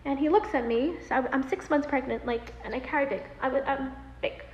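High-voiced woman telling a story in a hall. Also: a little fast. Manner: animated, many fillers, acts out quoted voices. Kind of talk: personal story told aloud. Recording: roomy hall with long reverb, dull lo-fi sound, faint noise.

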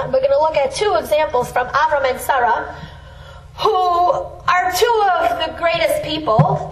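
A middle-aged woman giving an earnest, emphatic Torah lesson. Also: sits high. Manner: earnest, emphatic, with rising exclamations. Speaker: Torah teacher. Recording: roomy sound from a distant mic.

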